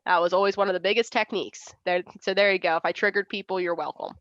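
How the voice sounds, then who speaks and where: A woman's voice: medium pitch, fairly even intonation, fast, fairly bright tone, no echo. Chatty young woman on a dull video call. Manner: chatty, laughs often, acts out quoted voices. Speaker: interview guest, arm wrestler. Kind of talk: casual interview chat.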